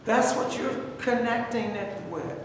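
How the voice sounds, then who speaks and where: Brief: high-pitched male Bible study teacher, exhorting, distant mic, echoey hall. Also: unhurried, noisy background. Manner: conversational, repetitive, exhorting. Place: church room. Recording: echoey church room heard from afar.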